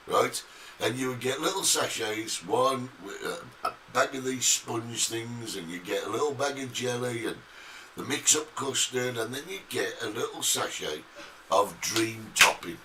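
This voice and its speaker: A man's voice: medium pitch, moderate pace, sharp tone. A middle-aged British man co-hosting a casual talk show, chatty and emphatic as he reminisces. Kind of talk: casual chat. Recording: distant mic with faint noise.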